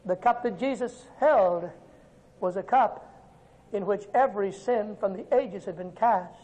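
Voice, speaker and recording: A male evangelist preaching a dramatic, storytelling sermon in a very high voice. He swings from ringing, loud declarations down to hushed, quiet lines. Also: measured pace, rough recording.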